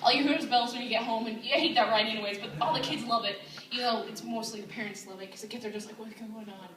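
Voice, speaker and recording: High-voiced young woman doing stand-up. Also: fast. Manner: deadpan storytelling, acting out dialogue with a raised voice. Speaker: stand-up comedian. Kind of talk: stand-up comedy set. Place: comedy club stage. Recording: roomy, distant mic with crowd laughter. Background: audience laughing.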